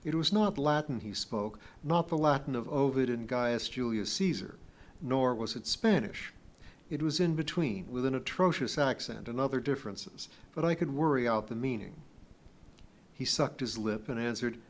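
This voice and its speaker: A male audiobook reader telling a story in plain first-person narration. His voice sits at an average pitch for a man, and he keeps the delivery even and measured. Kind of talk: scripted narration.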